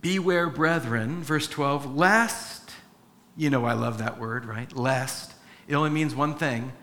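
Bright-voiced male preacher telling stories. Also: medium pitch, measured pace, slight background noise. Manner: storytelling, animated, chuckles often. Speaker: pastor. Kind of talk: sermon.

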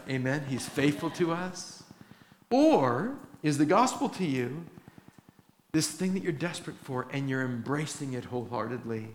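Male pastor, earnest sermon delivery, slightly high voice, echoey church room with faint noise. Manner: earnest preaching with put-on voices of doubters.

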